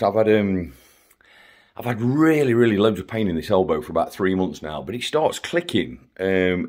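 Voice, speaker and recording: A middle-aged man chats into a handheld phone while lounging at home. His voice sits on the low side, and he rambles along with plenty of ums and restarts, like a casual personal video update. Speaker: vlogger.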